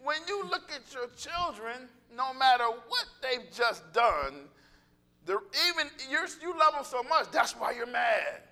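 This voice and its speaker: A man preaching a sermon, animated and joking, acting out little voices and calling out to the congregation. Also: very high voice, measured pace, gravelly. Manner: animated, joking, acts out voices, laughs often; calls out to congregation.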